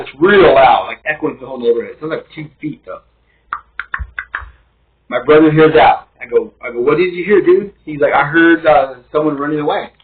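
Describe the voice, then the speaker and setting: A man's voice: on the high side, slightly rough. A man casually telling a rambling, emphatic first-person story from his studio apartment. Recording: tinny phone-like sound.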